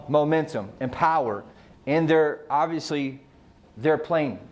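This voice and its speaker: Fairly high-voiced man coaching a team. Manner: casual, fires rhetorical questions, swears freely. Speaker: real estate team coach. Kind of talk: motivational team meeting talk.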